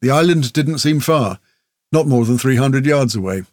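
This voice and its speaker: This fantasy audiobook is read by a man whose voice sits in the middle range, his delivery even and measured. There's no room sound at all; the audio is close and dry.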